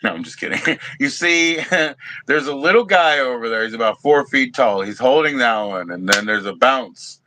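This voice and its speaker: A man's voice: mid-range voice, expressive, moderate pace, sharp tone, no room sound. A man co-hosting a casual livestream chat, joking and teasing, laughing often, heard over a phone video call. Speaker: livestream co-host.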